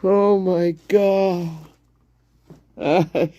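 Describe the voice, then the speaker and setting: A man's voice: high voice, fairly even intonation, drawn-out words, dark tone, no room sound. A man host rambling through an erratic, crude solo monologue, often breaking into laughter. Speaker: channel host.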